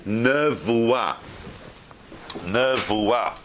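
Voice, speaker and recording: A man's voice: medium pitch, very slow, noisy background. A man giving an informal lecture to a class, asking questions of the room and answering them himself. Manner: animated, asks the room questions.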